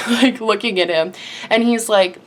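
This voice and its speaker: A woman's voice: medium pitch, a little slow. A young woman vlogger telling a personal story in a dramatic, gushing way, filling her speech with "like". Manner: dramatic, breathless retelling, heavy use of "like". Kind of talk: storytime vlog.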